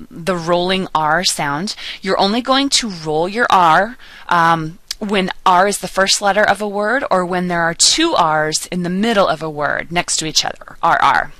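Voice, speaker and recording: Woman, language teacher, slow patient delivery, clear bright tone, dry close sound. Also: lowish voice, no echo, poor audio. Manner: patient, drawn-out model pronunciations with repeated words. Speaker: Spanish teacher. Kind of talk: recorded pronunciation lesson.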